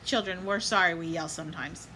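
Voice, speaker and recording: A woman reads a children's picture book aloud in a bright, clear voice, pausing now and then to give small life lessons to children and parents. She asks her young listeners to chant along with her. A faint hiss sits under her voice. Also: on the low side, poor audio. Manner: pauses to add gentle life lessons for kids and moms. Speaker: storybook reader.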